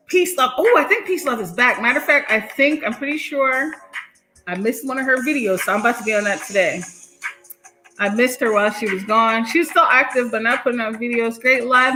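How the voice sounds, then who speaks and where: Bright-voiced blunt woman streamer. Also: high-pitched, moderate pace, faint music behind. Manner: animated and blunt, laughs often, swears freely. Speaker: livestream host reading chat comments. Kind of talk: casual live-stream chat.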